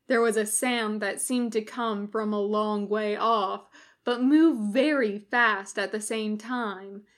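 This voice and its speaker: Slow, wry woman narrator. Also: mid-range voice, fairly even intonation. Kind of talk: fan audiobook reading.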